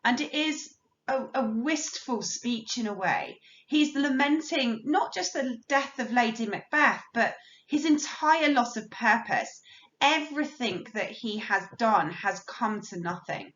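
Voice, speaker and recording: Teacher lady going through a play, bit high voice, roomy dull audio. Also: animated, a little slow, a bit bright. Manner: explains plainly, reads quotations aloud, some restarts. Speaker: English teacher. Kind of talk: recorded literature lesson.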